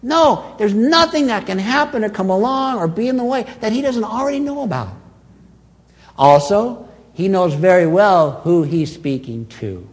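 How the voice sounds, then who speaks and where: A man preaching a sermon as pastor, with dramatic swings between loud and soft and quick and slow. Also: high voice, in a large hall. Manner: animated preaching with dramatic swings in loudness and pace.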